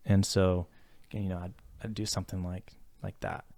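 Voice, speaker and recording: A man with a deep, creaky, slightly mellow voice and little pitch movement co-hosts a casual podcast about therapy at normal speed. He's reflective and earnest, full of fillers and restarts, in a dry recording.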